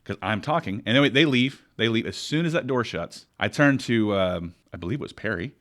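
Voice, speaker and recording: Male podcast co-host, animated and emphatic, pitch that rises and falls widely, casual delivery. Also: a little fast. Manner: animated storytelling, rants with emphasis. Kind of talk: casual chat.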